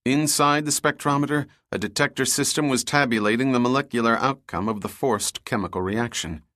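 A man's voice: mid-range voice, no room sound. Man narrating a novel, dry studio. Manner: steady, measured storytelling. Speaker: audiobook narrator. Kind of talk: scripted narration.

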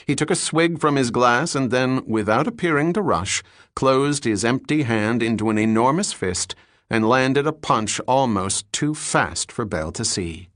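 A man narrating a novel in a steady, descriptive storytelling manner. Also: medium pitch, unhurried, dry recording, clean studio sound. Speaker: audiobook narrator.

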